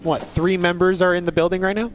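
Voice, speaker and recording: A man's voice: high-pitched, level tone, fast talker, a crowd in the background. A man casting an esports match, breaking down tactics in a detailed, conversational way. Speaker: esports caster. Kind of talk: play-by-play commentary. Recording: noisy background.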